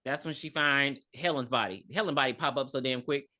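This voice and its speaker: A woman's voice: extremely low pitch, brisk, bright, forceful tone. A woman co-hosting a podcast, reviewing a movie in casual chat, blunt and profane, laughing often. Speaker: podcast co-host.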